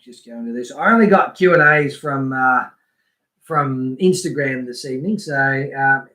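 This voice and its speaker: A man's voice: mid-range voice, unhurried, pushed and bright. A man hosting a casual fishing live stream, chatting loosely, reading out names from the chat and laughing often. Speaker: livestream host.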